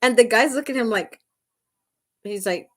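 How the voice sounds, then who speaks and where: A woman's voice: fairly high pitch, moderate pace. A woman hosting a live makeup tutorial, chatting casually and laughing often as she talks straight to her viewers. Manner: talks straight to viewers, asking "right?" and "okay?". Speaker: beauty vlogger hosting a livestream.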